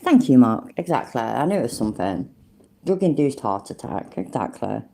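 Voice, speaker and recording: A woman's voice: a bass voice, very animated, normal speed, creaky, mellow, slight background noise. A woman hosting a reaction video, furiously ranting and swearing nonstop. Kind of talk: angry reaction commentary.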